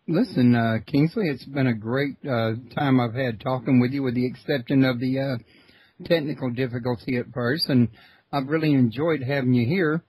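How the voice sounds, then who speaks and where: A male host of a long-running radio show, talking in a folksy, relaxed way with plenty of fillers. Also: medium pitch, breathy edge, no echo, rough recording. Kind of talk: casual interview talk.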